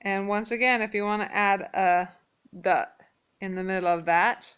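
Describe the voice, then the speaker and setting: A woman teaching a casual Mandarin lesson, patiently repeating phrases slowly and clearly. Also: medium pitch, a bit bright. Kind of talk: casual spoken language lesson.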